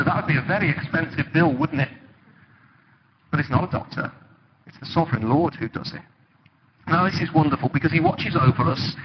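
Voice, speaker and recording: A man preaching a sermon in a church, conversational and animated, telling stories with sudden dramatic emphasis. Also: on the high side. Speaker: pastor. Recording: dull, lo-fi with loud background noise.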